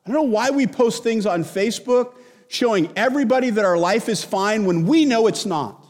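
A middle-aged man preaching a sermon as pastor, telling stories in a conversational, animated way. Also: sits high, normal speed, big-room sound.

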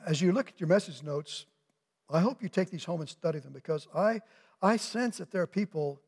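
An older male pastor delivers an earnest sermon, pressing his congregation with questions and slowing down to land his points. His voice sits a little high for a man and carries a gravelly edge. The sound rings out with the long reverb of a church hall. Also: a little mellow. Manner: earnest, asks rhetorical questions, slows for emphasis.

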